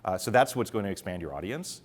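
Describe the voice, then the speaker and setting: A middle-aged man giving a conference talk to a live audience, talking fast with many fillers and restarts. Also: low-pitched, animated, slightly rough. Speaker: conference speaker.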